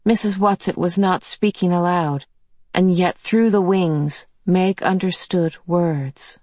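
A woman narrating a novel in a calm, measured reading voice. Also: lowish voice, no echo. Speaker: audiobook narrator. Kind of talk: scripted narration.

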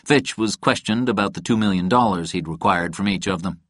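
A man reading a novel aloud in a calm, even storytelling manner. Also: low voice, a little fast, no room sound, studio quality. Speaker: audiobook narrator. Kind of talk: scripted narration.

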